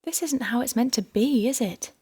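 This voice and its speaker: A woman's voice: fairly high pitch, expressive, moderate pace, mellow, husky, voice pushed up. An audiobook narrator, a woman, voicing a grieving young woman who pleads and strains with emotion. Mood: wistful.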